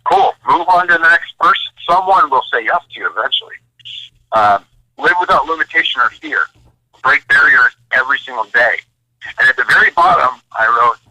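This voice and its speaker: A man with a strikingly bright, forceful voice talks bluntly in short, punchy bursts of encouragement. He is a military veteran on a podcast, urging listeners on, and his voice sits dry and close with almost no room sound around it. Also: mid-range voice, animated, brisk, dry recording, low-quality recording. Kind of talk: motivational conversation.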